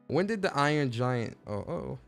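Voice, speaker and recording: A man's voice: mid-range voice, lively intonation, normal speed, creaky, faint music behind. A man hosting a casual livestream chat, talking in a chatty, slangy way and reacting to viewers. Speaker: podcast host.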